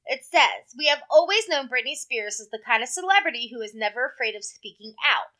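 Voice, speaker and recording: A woman's voice: high-pitched, expressive, brisk, bright, forceful tone. A woman co-hosting a casual chat podcast, blunt and wisecracking. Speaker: podcast co-host.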